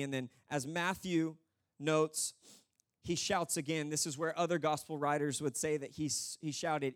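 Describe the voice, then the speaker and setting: Animated high-voiced preacher. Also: male voice, a little fast, dry recording, studio quality. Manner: animated storytelling, acts out voices. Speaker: pastor. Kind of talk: sermon.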